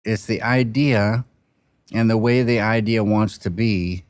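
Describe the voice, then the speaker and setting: A film director speaking reflectively, with a halting manner of trailing off and restarting mid-sentence. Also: male voice, lowish voice, a little mellow, dry recording. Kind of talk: reflective interview talk.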